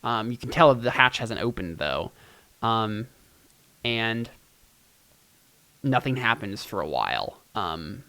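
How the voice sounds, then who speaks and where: A man's voice: fairly low pitch, big pitch swings, slow, pauses often, sharp tone. A man narrating a tabletop role-playing game as game master, rambling with many "um"s and "like"s. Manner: rambling, full of "um" and "like".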